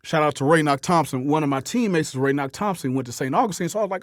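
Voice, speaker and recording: Higher-voiced man telling football stories. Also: lively intonation, quick pace, dry recording, studio quality. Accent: New Orleans. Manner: storytelling, acts out quoted voices, repeats words. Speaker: host, football coach. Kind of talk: casual podcast chat.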